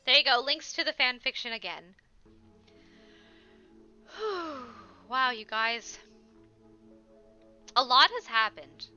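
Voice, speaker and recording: A woman streamer giving an animated, mock-dramatic reading of a story, breaking off for laughing asides to her chat. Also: high-pitched, takes it slowly, long pauses, clear, resonant tone, dull audio, soft background music. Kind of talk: comedic dramatic reading aloud.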